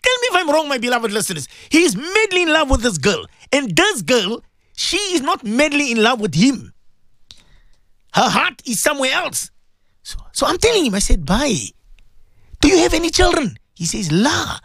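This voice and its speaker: A man's voice: extremely high pitch, sing-song, normal speed, fairly bright tone, dry recording, clean studio sound. A man hosting a radio talk show as a Muslim cleric, telling a story with emotion and religious phrases.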